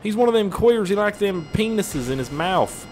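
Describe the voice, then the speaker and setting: A man voicing a hostile male soldier who jeers slowly in a shrill voice. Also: lively intonation, darkish tone, slight background noise. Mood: jeering.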